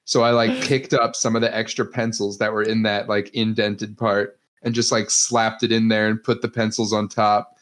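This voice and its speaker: Relaxed young man telling a story. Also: on the low side, moderate pace, hardly any pauses. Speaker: podcast co-host. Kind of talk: casual chat.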